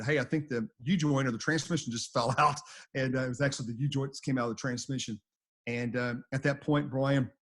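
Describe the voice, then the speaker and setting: A middle-aged American man with a medium-pitched voice, a storm chaser appearing as an interview guest, tells his stories in an animated way. He rambles and repeats words while acting out quotes.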